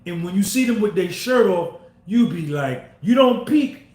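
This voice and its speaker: High-voiced man telling a story. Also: lively intonation, moderate pace, darkish tone. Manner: repetitive, acts out quoted dialogue. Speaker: podcast host. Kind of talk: casual storytelling. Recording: roomy echo.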